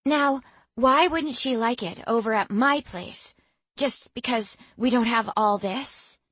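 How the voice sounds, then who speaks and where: A woman's voice: on the high side, slow, fairly bright tone, dry recording, voice pushed up. A woman voicing a hesitant, good-natured teenage girl in an audiobook. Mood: playful.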